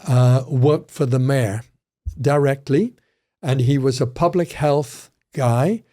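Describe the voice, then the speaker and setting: Older man, mellow warm tone, rambling anecdotal talk, podcast guest. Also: mid-range voice. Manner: rambling, anecdotal, frequent restarts. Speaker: guest criminology professor. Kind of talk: casual conversational interview.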